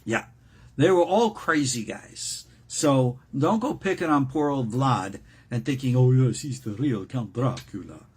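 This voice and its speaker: A man's voice: on the high side, slightly rough. An older man hosting a show, chatting casually and joking around, often repeating words as he gets going. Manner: playful, jokey, repeats words when excited. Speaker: host.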